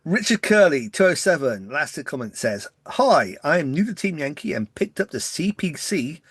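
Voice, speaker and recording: A man with a mild English West Country accent, co-hosting a podcast and chatting casually, talking fast when excited. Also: fairly high pitch, husky, no room sound, studio quality. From West Country, England. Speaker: podcast co-host. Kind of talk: casual chat.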